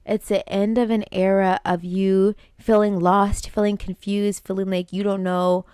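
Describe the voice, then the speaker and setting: A woman's voice: mid-range voice, little pitch movement, unhurried, a little mellow, clear, resonant tone, dry recording, studio quality. A young adult woman hosting a podcast, giving an earnest, repetitive motivational talk on intuition and acting out her inner voices. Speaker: podcast host and life coach. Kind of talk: motivational spiritual monologue.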